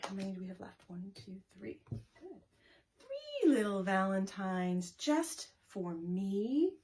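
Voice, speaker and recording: Reading slowly in a mid-range voice, a librarian leads young children through story time, rhyming in a sing-song, animated way and posing questions to them. Background noise can be heard.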